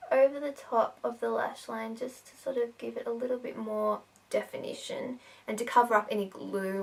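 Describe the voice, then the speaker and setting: A woman's voice: a little high, vocal fry, recorded from a distance. A woman giving a casual makeup tutorial, talking in a chatty way with lots of fillers.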